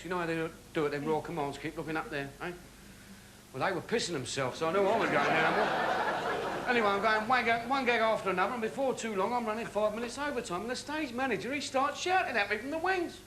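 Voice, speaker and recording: A man's voice: sits high, background noise, close to an everyday voice. A man impersonating a brash, cheeky old music-hall comedian, trading patter and singing snatches of songs.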